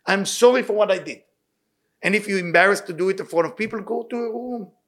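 A man giving an impassioned sermon and telling a story, repeating his key words and speaking loose, halting English. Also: high voice, fairly bright tone. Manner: loose, halting non-native English grammar. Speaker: rabbi giving weekly inspiration.

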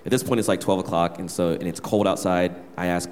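Deep-voiced man telling a story in a hall. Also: fairly even intonation, quick pace, a little mellow. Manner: candid, earnest storytelling. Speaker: worship leader. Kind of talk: personal story told to a church gathering. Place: church hall. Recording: reverberant hall.

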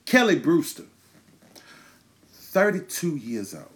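This podcast host is a man in his thirties whose slightly high voice is very animated but slow-paced. On his own show he delivers an impassioned monologue, ranting with angry, profane emphasis and pointed rhetorical questions.

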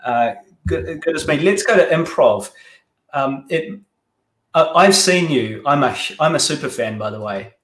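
A man hosting a casual interview, enthusiastic and admiring, pausing with fillers. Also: fairly high pitch, animated, fairly bright tone. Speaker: interview host. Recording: roomy echo.

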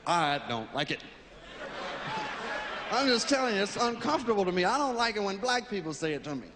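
Male comic, fairly high voice, reflective and profane, echoing hall, faint hiss. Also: huge pitch swings, normal speed. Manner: earnest, reflective, profane storytelling. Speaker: stand-up comedian. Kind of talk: stand-up comedy monologue.

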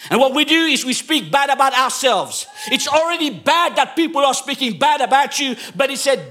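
A man from England preaching a sermon to a congregation, telling a story and then shouting exhortations. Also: extremely high pitch, lively intonation, brisk. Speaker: pastor. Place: church.

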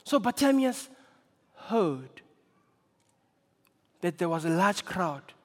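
A man preaching a sermon with impassioned delivery, building to shouts and repeating phrases for effect. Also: high voice, sing-song, slow pace. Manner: impassioned, rising to shouts, dramatic repetition. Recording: long reverb of a large hall.

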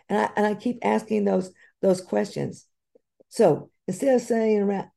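Motivational speaker, woman; gravelly, mellow voice, earnest and encouraging. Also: medium pitch, measured pace. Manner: earnest, encouraging, with bursts of excitement. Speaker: speaker on personal growth. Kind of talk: motivational talk.

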